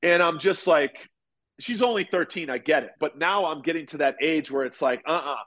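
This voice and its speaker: A man in his forties, a former ballplayer, telling stories in a relaxed, rambling way during an interview. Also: a little high, moderate pace. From United States. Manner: relaxed, rambling, many restarts. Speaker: podcast guest, former pitcher and golfer. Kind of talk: casual interview storytelling.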